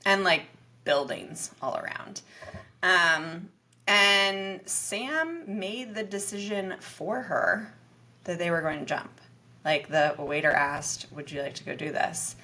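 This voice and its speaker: A woman co-hosts a casual podcast, recapping a dating show. Her voice sits a little low but rings bright and clear, and she slips into lively voices to act out what people said. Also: takes it slowly. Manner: animated, acts out quotes in lively voices. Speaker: podcast co-host. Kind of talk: casual reality TV recap chat.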